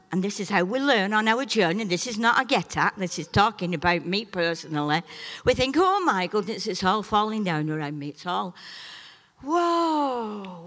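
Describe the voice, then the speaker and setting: Emphatic woman preaching. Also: mid-range voice. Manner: emphatic, swings between loud preaching peaks and soft asides. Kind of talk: sermon with personal testimony. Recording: long reverb of a large hall.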